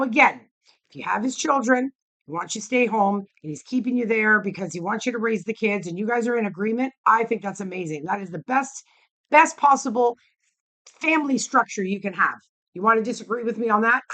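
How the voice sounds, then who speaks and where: A woman's voice: medium pitch, bright, forceful tone. A woman vlogger ranting to camera, heated and blunt, swearing often. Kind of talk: angry opinion rant to camera.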